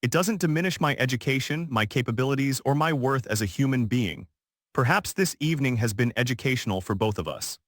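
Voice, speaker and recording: A man's voice: medium pitch, lively intonation, brisk, no echo, clean studio sound, close to an everyday voice. A man voicing a gracious multilingual waitress. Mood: firm. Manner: gracious but firm. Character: highly educated multilingual waitress, a young woman.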